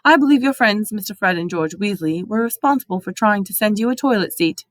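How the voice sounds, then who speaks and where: A woman voicing a calm, kindly old male headmaster wizard who speaks gently and formally, in a dry storybook reading. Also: mid-range voice, a little fast, no room sound, natural voice. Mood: gentle.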